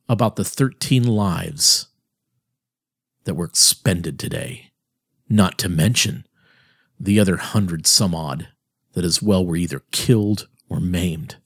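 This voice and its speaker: Man, host, political monologue, heated, sarcastic, husky, animated pitch. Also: no room sound, clean studio sound. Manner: heated, sarcastic, emphatic rising pitch swings.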